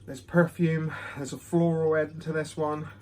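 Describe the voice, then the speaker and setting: A man's voice: fairly high pitch, flat delivery, unhurried, a little mellow. Rambling, chatty man reviewing whisky. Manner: chatty, self-deprecating, full of ums. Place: home room. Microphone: phone camera.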